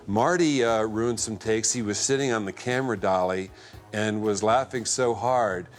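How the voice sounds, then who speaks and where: A man from a film's cast or crew reminiscing in an interview, relaxed and conversational. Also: on the low side, moderate pace, soft background music. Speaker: film cast or crew member. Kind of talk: anecdotal interview.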